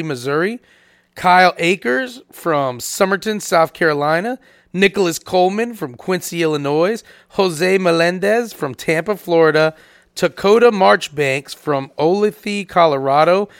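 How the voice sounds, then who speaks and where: A man co-hosting a casual podcast chat, animated and profane, acting out the people he quotes. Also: fairly high pitch, moderate pace, no room sound, clean studio sound. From Puerto Rico. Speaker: podcast co-host.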